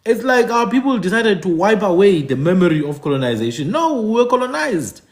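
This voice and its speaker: Man, emphatic talk-show commentary, high and swooping delivery. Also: big pitch swings, brisk. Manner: emphatic, repeats points, asks "hmm?". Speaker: podcast host. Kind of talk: animated commentary.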